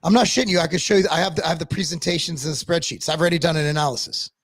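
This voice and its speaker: Guy with a kinda high voice ranting on a stream, swears a lot, tripping over his words, dry close mic. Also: fairly bright tone, breathy edge, dry recording. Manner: blunt, profane, rapid rambling with restarts. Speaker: podcast co-host. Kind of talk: casual chat.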